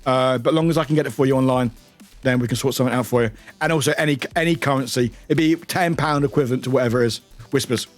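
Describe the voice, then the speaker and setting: A tired British man streaming live, chatting in a rambling, excitable way and swearing now and then. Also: mid-range voice, fast, soft background music. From United Kingdom. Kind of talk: casual livestream chat.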